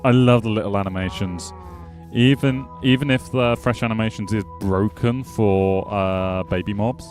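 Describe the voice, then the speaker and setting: A man's voice: fairly low pitch, fairly even intonation, normal speed, a little mellow, soft background music. A man giving casual, rambling gameplay commentary as a streamer, chatting back to his viewers with playful jabs. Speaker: gaming streamer.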